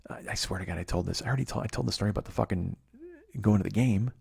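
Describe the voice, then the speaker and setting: Fast-talking, gravelly man in his forties. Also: fairly low pitch, darkish tone. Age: 40s. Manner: profane, rambling, loses track and restarts. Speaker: podcast host. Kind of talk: comic storytelling monologue.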